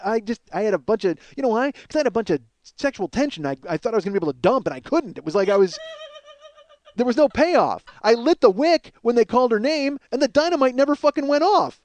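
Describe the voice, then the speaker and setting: A man's voice: extremely high pitch, lively intonation, fast, a little mellow. A man in his forties hosting a comedy podcast, telling a story in a profane, ranting, exasperated way. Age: 40s. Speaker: podcast host.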